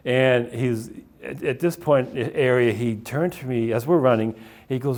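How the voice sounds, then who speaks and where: A man's voice: mid-range voice, moderate pace, darkish tone. Chatty middle-aged man. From Boston area. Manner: rambling, anecdotal, many fillers and restarts. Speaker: author giving a library talk. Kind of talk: casual slideshow talk.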